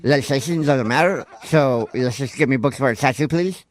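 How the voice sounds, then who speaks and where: A man's voice: medium pitch, brisk, dry recording, natural voice. A man voicing a pushy, overexcited boy on a prank call, stammering and insistent. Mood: eager.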